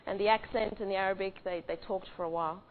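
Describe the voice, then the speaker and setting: A woman's voice: medium pitch, fairly even intonation, fast. Woman retelling a story over tinny audio. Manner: conversational with frequent restarts and fillers. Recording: tinny phone-like audio with faint hiss.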